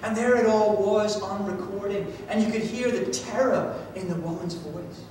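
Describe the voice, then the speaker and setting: Preacher in a big echoey church. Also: male voice, moderate pace. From Georgia, US. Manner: dramatic storytelling, swings from loud to hushed. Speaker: pastor. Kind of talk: sermon. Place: church sanctuary. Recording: echoey church hall from far off, faint rumble.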